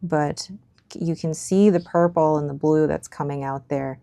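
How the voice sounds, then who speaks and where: A woman's voice: deep voice, steady tone, a little slow, creaky, mellow, dry recording. A young woman chatting casually as she reviews and swats fountain pen inks, musing aloud and sometimes dropping to a near whisper. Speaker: stationery vlogger. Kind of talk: casual ink swatch review.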